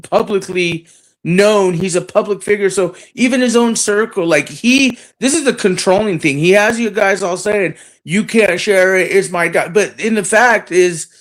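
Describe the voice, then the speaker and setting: High-pitched guy, blunt and cussing, casual stream talk. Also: normal speed. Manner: blunt and profane. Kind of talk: casual chat.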